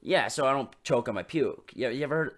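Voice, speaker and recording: A man's voice: medium pitch, fast. A man co-hosting a podcast in casual chat, laid-back, profane and self-mocking. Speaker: podcast co-host.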